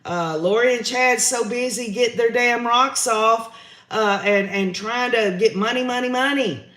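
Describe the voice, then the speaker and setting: A man's voice: extremely high pitch, measured pace, bright, forceful tone, echoey room. A man, hosting a livestream, giving his opinions in a chatty way and reading out viewer comments. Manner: chatty, opinionated, says y'all often. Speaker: livestream host reading chat.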